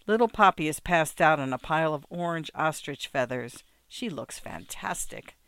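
A man narrating an audiobook in a measured, wry storytelling manner. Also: fairly high pitch, expressive, a bit bright, smooth, no echo. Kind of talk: scripted narration.

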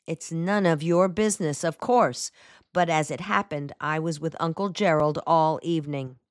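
A woman voicing a spirited young woman who teases with lively, mocking banter. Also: deep voice, moderate pace, no echo, studio quality, natural voice. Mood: teasing.

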